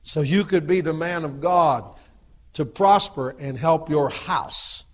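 A middle-aged man preaching a sermon, dropping to low asides and then rising into loud exhortation, often asking the audience for agreement. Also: slow.

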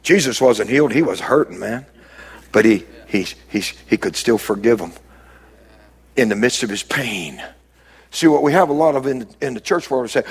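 A man preaching a sermon as pastor, swinging between loud rises and quiet low drops and calling out to the congregation. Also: expressive, normal speed, breathy edge. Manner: preaching with sudden rises and drops, calls to the crowd.

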